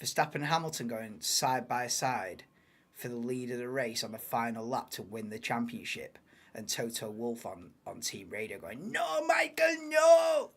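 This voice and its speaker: A man's voice: medium pitch, normal speed, a bit bright, husky. A man hosting a live watchalong, casual banter-heavy commentary that swears and laughs at his own jokes.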